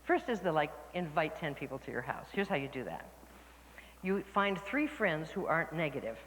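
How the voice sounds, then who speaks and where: A woman speaker telling lively stories to a workshop audience, laughing and acting out the people she quotes. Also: deep voice, normal speed. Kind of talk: storytelling talk to a live audience. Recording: reverberant hall with faint noise.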